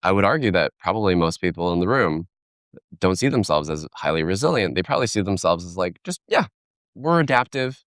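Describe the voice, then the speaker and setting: A man's voice: low-pitched, lively intonation, fast talker, no room sound, studio quality. A man speaking as a keynote speaker in a conversational podcast interview, telling stories animatedly and acting out quoted voices.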